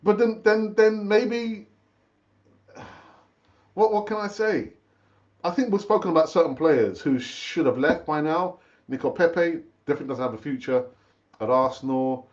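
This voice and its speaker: A man's voice: a little high, normal speed, pauses often, muffled recording. A middle-aged man hosting a casual live football fan stream, chatty and repetitive, calling viewers brother. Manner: chatty, repeats himself, calls viewers brother. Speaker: football fan channel host.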